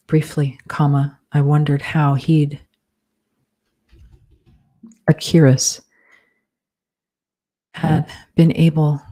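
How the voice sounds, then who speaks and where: Low, flat-voiced woman dictating slowly. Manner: speaks punctuation marks aloud, measured and deliberate. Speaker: author. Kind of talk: dictating a novel aloud.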